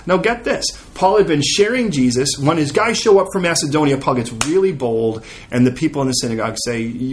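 A middle-aged man preaching a sermon as a pastor, telling stories with lively acted-out quotes. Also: fairly high pitch, brisk, few pauses, slight background noise. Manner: animated storytelling, acts out quoted prayers.

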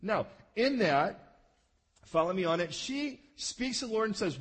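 Lively, husky-voiced man preaching. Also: high-pitched, a little slow. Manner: conversational, checks in with listeners, acts out quoted lines. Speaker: pastor. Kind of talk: sermon.

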